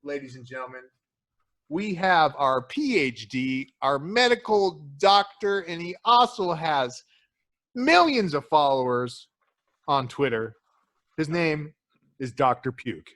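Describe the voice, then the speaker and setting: Podcast guy, kinda high voice, cussing every other word, animated storyteller. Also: slow pace. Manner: profane, swears constantly, calls listener "dude"; animated storyteller, acts out quotes. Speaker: podcast co-host. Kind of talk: crude casual chat.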